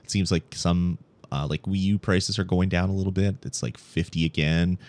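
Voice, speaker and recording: A young man hosting a casual podcast, talking in a relaxed, rambling way with lots of ums and restarts. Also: sits low, moderate pace. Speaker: podcast host.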